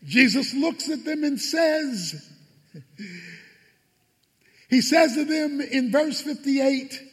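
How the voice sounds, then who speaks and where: A man's voice: extremely high pitch, lively intonation, measured pace, pauses often, big-room sound. A pastor preaching a sermon with emphatic delivery, acting out scripture scenes as he goes. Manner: emphatic preaching with dramatic retellings.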